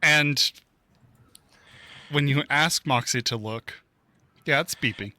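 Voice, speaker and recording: Brief: male game master, slow delivery, bright tense tone, patient narration. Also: a little high, no echo.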